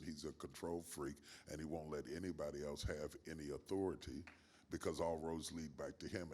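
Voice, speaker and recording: Answering interview questions, an elderly guest pastor uses a bass voice with a darkish tone. He keeps a measured, emphatic preaching rhythm and leans on repeated phrases.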